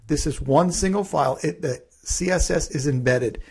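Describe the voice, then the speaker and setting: Gravelly husky man teaching. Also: fairly high pitch, normal speed. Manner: relaxed, conversational, thinking aloud. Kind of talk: screen-recorded coding tutorial.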